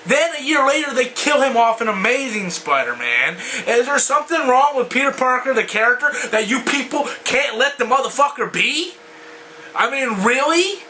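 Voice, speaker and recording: Very high-voiced man in a furious rant. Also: big pitch swings, moderate pace, slight background noise, rough recording. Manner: furious, profane, bursts into shouting. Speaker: comic book vlogger. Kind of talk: angry video rant.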